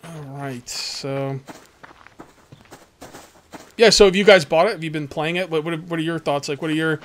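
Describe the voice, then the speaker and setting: A man's voice: fairly high pitch, steady tone, moderate pace, slight background noise. Chatty man rambling over gameplay. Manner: rambling, chatty, talks straight to viewers. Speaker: let's play host. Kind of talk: casual gameplay commentary.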